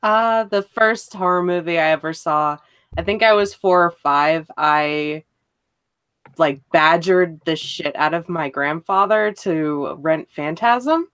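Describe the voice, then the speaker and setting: A woman with a notably low voice talks in a casual chat. She is relaxed and blunt, and swears offhandedly. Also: slow pace, smooth.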